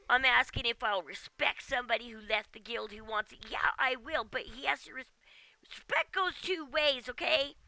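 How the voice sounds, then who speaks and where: Exasperated woman streamer: high, gravelly voice, very bright and sharp, dry close sound. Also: no room sound. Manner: exasperated, keeps tagging "okay?". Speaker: game streamer. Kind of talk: casual livestream rant. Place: at home.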